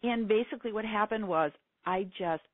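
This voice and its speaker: A middle-aged woman, a seminar teacher, telling a personal story in an interview, earnest and emotional with quick laughs. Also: medium pitch. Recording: tinny dry phone line.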